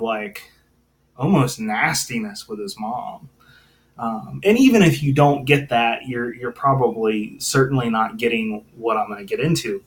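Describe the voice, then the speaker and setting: A man's voice: fairly low pitch, a little hiss or hum, low-quality recording. A man giving informal Bible teaching in a casual, thinking-aloud manner, with frequent fillers and restarts.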